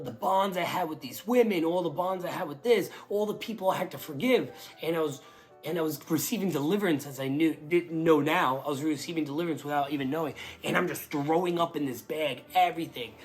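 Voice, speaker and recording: A young man giving a casual spoken testimony, rambling with lots of "like" and restarts, and bursting into excitement as he relives moments. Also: on the high side. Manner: rambling storytelling full of "like" and restarts.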